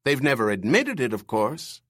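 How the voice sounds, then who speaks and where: A man reading aloud and voicing an irritable older male repair-shop boss with a shrill, screechy voice. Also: sing-song, moderate pace, a bit bright, no echo, studio quality. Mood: curt. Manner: curt, demanding.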